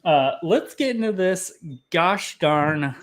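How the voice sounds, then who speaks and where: A young man with a high, animated voice speaks slowly as he hosts a casual whiskey tasting chat. He rambles, pokes fun at himself, and uses lots of fillers.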